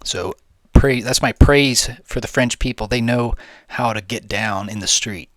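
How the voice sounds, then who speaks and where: A man's voice: medium pitch, measured pace, fairly bright tone, dry recording. A young man giving casual, rambling gameplay commentary, slangy, jokey and swearing freely. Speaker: gaming video host.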